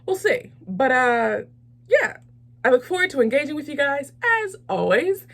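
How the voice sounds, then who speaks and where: Chatty, animated woman reviewing a movie. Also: high voice, normal speed. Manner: animated, enthusiastic, chatty with many fillers. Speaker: host of a movie review channel.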